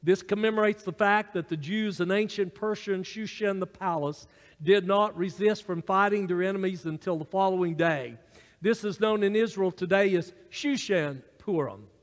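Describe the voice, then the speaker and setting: In a church sanctuary, a man with a high-pitched voice preaches a sermon to his congregation as their pastor. He teaches from his notes, with a few fillers and side remarks, and his voice echoes through the large hall.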